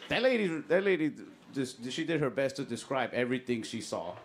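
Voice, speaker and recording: A young man performing a stand-up comedy set, telling stories in a laid-back, deadpan way. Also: medium pitch, brisk, heavy background noise. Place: comedy stage before a live audience. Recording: loud audience laughter.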